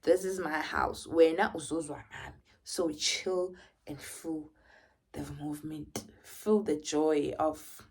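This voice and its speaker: A woman voicing her cheeky, stubborn unborn baby girl, slow and laid-back. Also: deep voice, steady tone, a little mellow, breathy edge, exaggerated voice.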